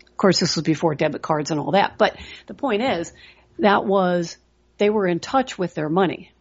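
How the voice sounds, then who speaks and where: A middle-aged podcast host who coaches traders speaks in a lowish, animated voice with a breathy edge, at normal speed over lo-fi sound. Her motivational talk and stories are earnest and full of "you know."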